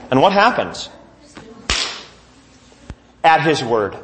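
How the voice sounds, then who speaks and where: Animated high-voiced preaching man. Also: takes it slowly, long pauses, slight background noise. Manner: animated preaching, reading scripture aloud and asking the congregation questions. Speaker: pastor. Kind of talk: sermon.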